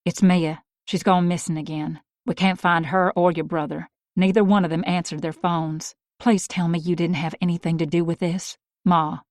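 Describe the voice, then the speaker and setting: A woman's voice: lowish voice, level tone, normal speed, few pauses, darkish tone, dry recording, clean studio sound, natural voice. A woman reading out a worried mother's text message in an audiobook, anxious and pleading.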